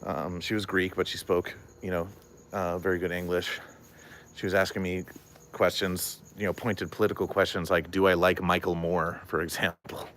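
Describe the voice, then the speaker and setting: A young man with a very low voice talks loosely on his stream, full of "like" and "um". He wanders through a story and stops to answer chat messages. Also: little pitch movement, normal speed, fairly bright tone, slight background noise. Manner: rambling, many fillers, reads and answers chat. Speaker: comedian streamer. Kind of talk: casual livestream chat.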